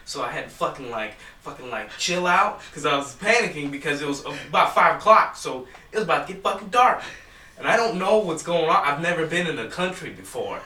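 A man's voice: a little high, animated, fairly quick, sharp tone. A young man telling a rambling, profanity-filled story in casual chat with friends. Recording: echoey room from far off.

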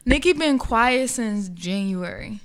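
A woman chatting casually as a podcast co-host, animated, slangy and profane. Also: fairly high pitch, slow. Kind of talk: casual chat.

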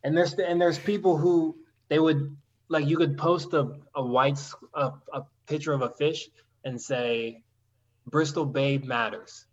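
A man's voice: a little high, fairly even intonation, measured pace, lo-fi sound. Rambling sarcastic man in casual chat. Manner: rambling, sarcastic, many restarts.

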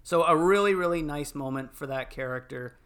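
A man in casual podcast chat, telling film moments with lots of fillers and animated retellings. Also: fairly high pitch, a little fast. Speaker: podcast panelist.

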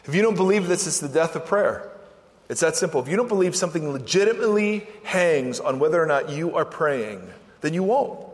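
A man preaching a sermon as pastor, animated, acting out the voices in the scripture he reads. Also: fairly high pitch, fairly quick. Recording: long hall reverb.

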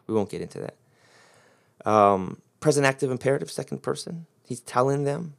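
A man's voice: mid-range voice, animated, moderate pace, gravelly. A man preaching a sermon, explaining the Greek grammar of a Bible passage with strong emphasis.

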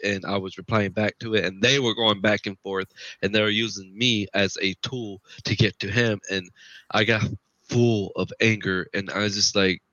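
Rambling man with a bright, dry voice. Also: lowish voice, no echo. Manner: rambling, repeats himself, animated retelling. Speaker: guest, paranormal investigator. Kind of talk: casual podcast storytelling. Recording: dull lo-fi podcast audio.

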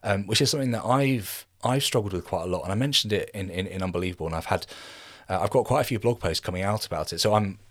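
A quick-talking man hosting a podcast, his voice sitting low. He rambles in easy conversation and keeps restarting his sentences as he goes. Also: fairly bright tone. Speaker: podcast host. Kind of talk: casual conversation.

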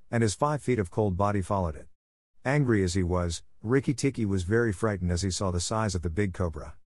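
A man reading a classic storybook aloud in a steady, clear way, narrating for English learners. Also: lowish voice, no room sound, clean studio sound.

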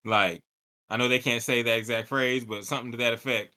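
Brief: male sports podcast co-host, bright edgy tone, loose profane banter. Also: medium pitch, fairly quick. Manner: animated, profane, acts out quoted lines. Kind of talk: casual sports chat.

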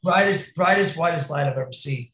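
A man's voice: on the high side, brisk, sharp tone, echoey room, poor audio. A man telling a wild crash story in casual, profane slang, calling the listener bro and dude. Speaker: podcast guest, BMX rider.

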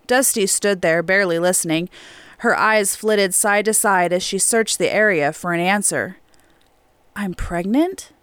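Smooth-voiced woman narrating an audiobook. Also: medium pitch, normal speed, fairly bright tone, dry recording. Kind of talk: scripted narration. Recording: clean dry studio recording.

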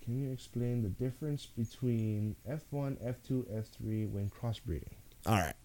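A man's voice: medium pitch, moderate pace, dark tone. A laid-back man, talking casually as the grow expert on a podcast, often saying "dude".

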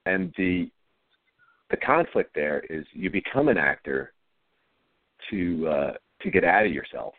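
A middle-aged man, an actor being interviewed, talking in a low-key, halting way with frequent restarts. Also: big pitch swings, no echo. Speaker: actor guest. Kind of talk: casual interview talk. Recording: dry, phone-like line.

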